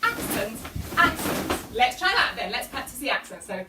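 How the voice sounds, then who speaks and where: A woman teaching a children's music class, calling out cues in a lively, encouraging way. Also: fairly high pitch, moderate pace, very noisy. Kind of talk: group music lesson with children. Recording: echoey room, distant mic, loud music. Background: loud music.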